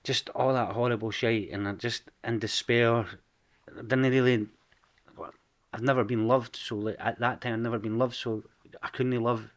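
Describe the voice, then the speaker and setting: A man's voice: medium pitch, fairly even intonation, normal speed. A man in his forties with an Edinburgh Scottish accent, a podcast guest telling his story frankly and casually, swearing freely. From Scotland.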